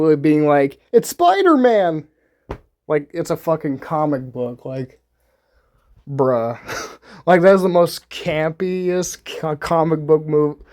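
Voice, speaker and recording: A man's voice: a little high, a little mellow. A young man giving casual, rambling commentary on a movie, swearing freely, laughing often and restarting his sentences.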